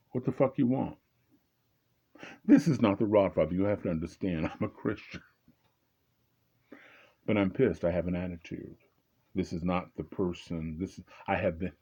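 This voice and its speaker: A man's voice: sits low, normal speed, long pauses, darkish tone, lo-fi sound. A man telling a personal story in a conversational way, often stopping and restarting, and raising his voice when he acts out angry exchanges. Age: 20s at the time told, now older. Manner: frequent fillers and repeated restarts.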